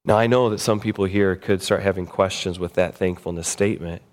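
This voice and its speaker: A man preaching a sermon as pastor, animated, acting out quoted voices with big jumps in pitch. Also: brisk, few pauses. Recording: long hall reverb.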